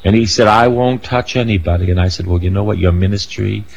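An older man preaching a sermon, emphatic and rising to loud peaks, with casual asides and self-corrections. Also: fairly low pitch, quick pace, creaky, breathy edge, lo-fi sound.

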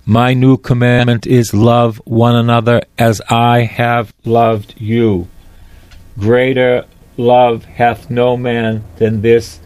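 A man's voice: mid-range voice, little pitch movement, slow pace, darkish tone, smooth, dry recording. A man preaching a sermon, fervent and repetitive, quoting scripture and driving points home by repeating phrases.

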